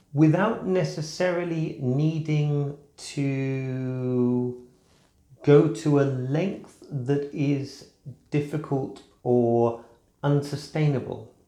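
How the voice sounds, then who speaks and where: A man in a casual vlog, talking in a measured, explanatory way while keeping to the upper part of his range. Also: on the high side. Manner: measured, explanatory, softly raised register. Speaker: vlogger. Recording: echoey room.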